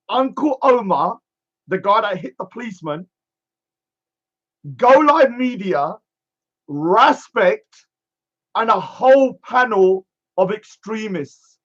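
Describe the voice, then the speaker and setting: A man with a notably high voice rants in a scornful, emphatic monologue, hammering the same catchphrase over and over. The sound is dull and lo-fi. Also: lively intonation, takes it slowly, long pauses, a bit bright. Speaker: streamer. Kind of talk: ranting monologue.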